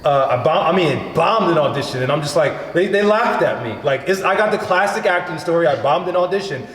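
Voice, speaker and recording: A man hosting a podcast, telling stories in a casual, animated way, acting out quotes and swearing freely. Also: fairly high pitch, a little fast. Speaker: podcast host. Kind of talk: casual chat. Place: home gym. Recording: echoey room with long reverb.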